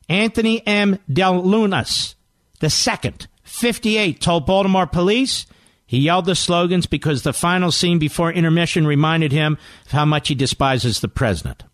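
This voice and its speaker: A man with a high-pitched, somewhat bright voice hosts a political talk radio show, delivering a combative monologue and reading headlines aloud with rising emphasis into a studio microphone. There's no room sound.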